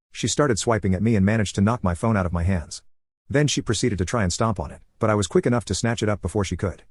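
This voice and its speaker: A man reading a first-person online story aloud in a brisk, even storytelling manner, close to the mic in a dry booth. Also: on the low side, dry recording.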